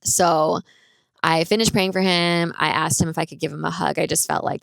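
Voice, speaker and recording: A woman's voice: fairly low pitch, fairly even intonation, normal speed, creaky, a bit bright, dry recording, studio quality. A woman hosting her own podcast, telling a personal story in a chatty, rambling way with lots of "like". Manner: chatty, rambling, fills speech with "like". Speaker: podcast host.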